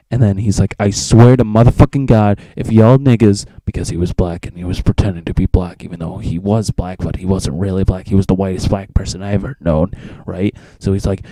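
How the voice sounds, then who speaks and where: Teen vlogger, low mellow voice, rambling profane storyteller, dry close sound. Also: male voice, no room sound. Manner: rambling, profane, acts out friends' lines. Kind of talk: casual storytelling.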